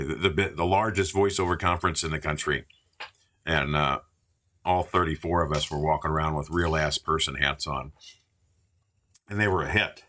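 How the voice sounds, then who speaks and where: A man's voice: rumbling low, sharp tone. A man hosting a live card-opening stream from a store, chatting and joking with viewers while calling out card names. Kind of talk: casual live-stream commentary. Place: indoors at a store.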